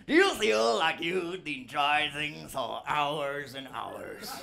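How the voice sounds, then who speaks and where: A man's voice: on the high side, animated, slow, creaky, crowd noise, pitched below the performer's own voice, exaggerated voice. A man voicing a cheeky South African puppet comic. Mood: cheeky roasting. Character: brash cheeky male puppet comedian. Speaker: ventriloquist stand-up comic. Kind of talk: live stand-up comedy.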